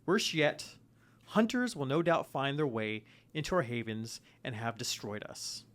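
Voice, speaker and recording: A man voicing a stately female vampire prince who speaks in a low, formal, measured way. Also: very animated, a bit bright. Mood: stern.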